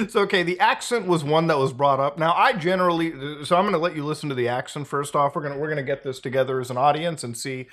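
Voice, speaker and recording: A man's voice: a little high, fast, fairly bright tone. A man hosting a casual commentary, sarcastic and often breaking into laughter. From North America. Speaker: commentary host.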